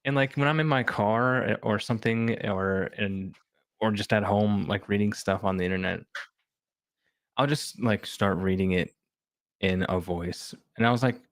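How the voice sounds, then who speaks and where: A low-voiced man talks through his ideas in a loose, rambling way, full of "like" and restarts. His voice is dry and close, with no room around it. He sounds like one of the regular cast in a relaxed podcast conversation. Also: dry recording. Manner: rambling, filler-heavy, thinks aloud. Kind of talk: casual chat.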